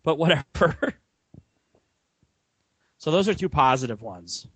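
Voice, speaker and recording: A young man co-hosting a casual sports podcast, his voice bright and lively as he swings up and down in pitch while telling stories. He laughs as he talks, and the sound is dry and close. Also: measured pace, breathy edge, no room sound. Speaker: podcast co-host.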